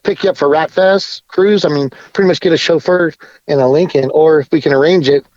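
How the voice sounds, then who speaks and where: A man's voice: on the high side, darkish tone, dry recording. Laid-back man on dull lo-fi audio. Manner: laid-back, easygoing, halting. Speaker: podcast guest. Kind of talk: casual podcast conversation.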